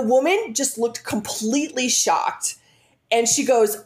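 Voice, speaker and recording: A woman's voice: a little high, slow, darkish tone. A woman in her thirties telling a personal story in casual chat, rambling with many fillers and restarts.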